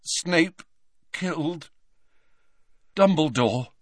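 A man's voice: fairly high pitch, lively intonation, drawn-out words, no room sound, pitched above the performer's own voice, full character voice. A man doing a shaken, breathless teenage boy. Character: shaken teenage boy wizard, hurt and determined.

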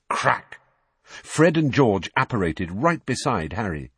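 A male narrator reads in a husky, breathy voice with a hugely animated, sweeping delivery. The sound is close and completely dry. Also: lowish voice, takes it slowly, dry recording. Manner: expressive storytelling with many character voices. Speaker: audiobook narrator. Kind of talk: scripted narration.

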